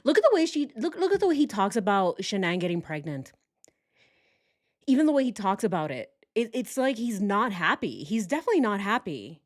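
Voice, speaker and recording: A woman's voice: mid-range voice, very animated, fairly quick. A woman hosting true crime commentary, talking sarcastically and speaking straight to her viewers. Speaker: host.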